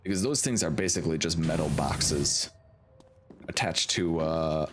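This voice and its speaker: A man's voice: a bass voice, unhurried, over music. A man streaming a game, telling rambling, chuckling stories in casual chat and swearing freely. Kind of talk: casual chat while gaming.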